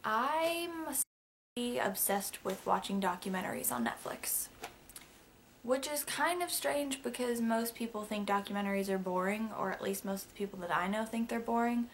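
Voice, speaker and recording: Chatty young woman, slightly high voice. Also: normal speed, few pauses, a little hiss or hum. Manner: chatty and rambling, many fillers and asides. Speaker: vlogger. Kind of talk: casual facts-about-me vlog.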